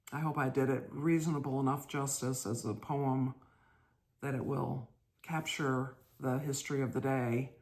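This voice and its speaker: An older woman hosting her own show, telling a church memory in a gentle, chatty way and laughing as she goes. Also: a bass voice. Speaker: host. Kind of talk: casual storytelling monologue.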